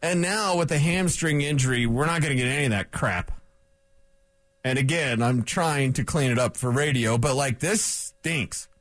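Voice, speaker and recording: A man's voice: mid-range voice, normal speed, fairly bright tone, no room sound, clean studio sound. A man hosting a sports radio show, talking bluntly and with a lot of feeling, venting frustration in a casual, opinionated way. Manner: ranting, blunt and emotional.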